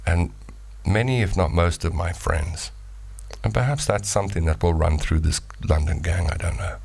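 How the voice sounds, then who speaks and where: Talk show host, man, middle-aged, playful, deep fry-laden voice. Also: normal speed. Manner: lively and playful, reading voice notes. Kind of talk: live talk show chat.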